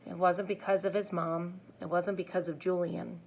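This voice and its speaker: A woman teacher reading a novel aloud to students, then gently explaining it. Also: on the low side, flat delivery, moderate pace, creaky, a little hiss or hum. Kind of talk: read-aloud narration to students.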